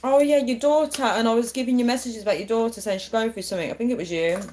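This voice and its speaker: A woman's voice: on the high side, steady tone, quick pace, darkish tone, a little hiss or hum. A woman hosting a live stream, chatting with viewers in a chatty and encouraging way. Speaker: livestream host.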